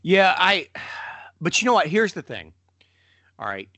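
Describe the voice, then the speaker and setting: Animated middle-aged man, dry close sound. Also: a little slow, no room sound. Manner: animated storyteller, mimics voices with sudden pitch jumps. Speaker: podcast co-host. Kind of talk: casual conversation.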